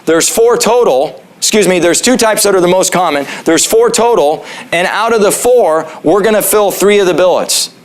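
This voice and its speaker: A man's voice: high-pitched, animated, normal speed, hardly any pauses. A man, a chiropractor, giving a casual class in his office, joking and throwing questions to the audience. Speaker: chiropractor teaching a health class.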